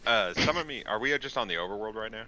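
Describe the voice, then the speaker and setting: A man's voice: on the low side, expressive, fast talker, crowd noise. A man playing a tabletop game, chatting casually and muttering distractedly while he sets things up. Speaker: player.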